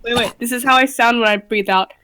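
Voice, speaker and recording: A woman with a hoarse, smoker-like throat, chatting casually and laughing with friends on a stream. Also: fairly high pitch, fast, a crowd in the background. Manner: animated, laughing. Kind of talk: casual chat.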